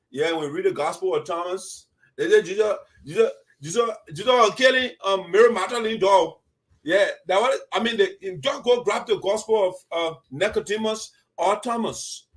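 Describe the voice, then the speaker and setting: Animated high-voiced Liberian man. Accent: Liberian English. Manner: animated, laughing, indignant asides. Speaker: host of diaspora community show. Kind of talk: casual commentary.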